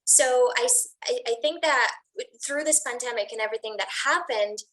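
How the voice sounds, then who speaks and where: Higher-voiced woman hosting, chatty. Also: normal speed, fairly bright tone, poor audio. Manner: chatty, hesitant, lots of likes. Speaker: host. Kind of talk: casual interview chat.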